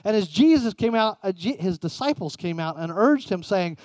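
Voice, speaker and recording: A man with a notably high voice delivers a sermon as pastor. He drives his points with emphatic lifts, then drops to hushed, intimate phrasing. The sound is dry and close. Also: lively intonation, normal speed, no room sound. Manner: emphatic, swings between raised and hushed delivery.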